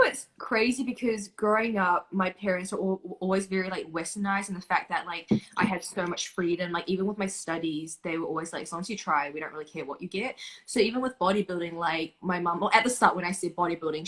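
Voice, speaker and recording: A young woman in a casual podcast chat, easygoing and lively when telling stories. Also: on the low side, fairly quick, hardly any pauses, low-quality recording. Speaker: podcast co-host, bikini competitor.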